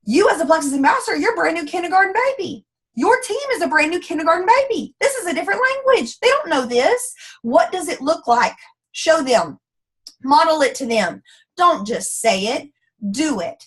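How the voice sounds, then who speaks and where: A woman's voice: extremely high pitch, big pitch swings, normal speed, fairly bright tone. A woman leading a motivational team call, emphatic and folksy, blunt and down-to-earth as she coaches her team. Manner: emphatic, acts out quoted voices. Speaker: team leader coaching sales ambassadors.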